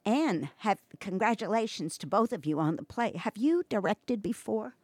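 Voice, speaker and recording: A woman's voice: medium pitch, expressive, moderate pace, a little mellow, no room sound. A woman hosting a local radio arts show, chatting with guests and asking follow-up questions. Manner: conversational, asks follow-up questions. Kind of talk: casual radio interview.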